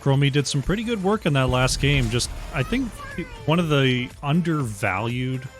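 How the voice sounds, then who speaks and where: A man casting an esports match play-by-play in a measured way, with his voice often dropping quietly at the ends of his phrases. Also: medium pitch, animated, faint music behind. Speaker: esports caster.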